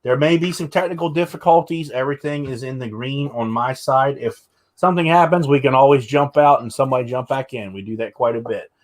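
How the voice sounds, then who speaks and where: A young man chats easily on a livestream, joking with his guests and showing products. His voice sits at an ordinary middle pitch. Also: fairly quick. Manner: chatty, joking, shows products. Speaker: livestream host. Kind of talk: casual livestream chat.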